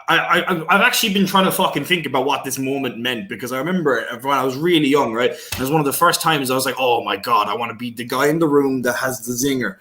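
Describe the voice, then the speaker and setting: A man's voice: medium pitch, a bit bright. A man doing stand-up over a video call, telling rambling stories full of swearing. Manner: swearing, rambling, self-mocking. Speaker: stand-up comedian. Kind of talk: stand-up storytelling.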